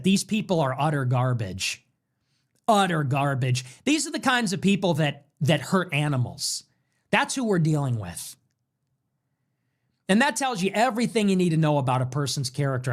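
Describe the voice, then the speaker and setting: Lively-pitched man ranting heatedly. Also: normal speed. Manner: forceful, repetitive ranting. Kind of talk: political rant clip.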